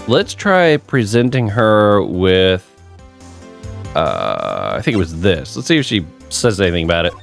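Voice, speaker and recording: A man's voice: on the low side, creaky. A man hosting a let's play, casually thinking aloud with ums as he plays. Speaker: gaming channel host.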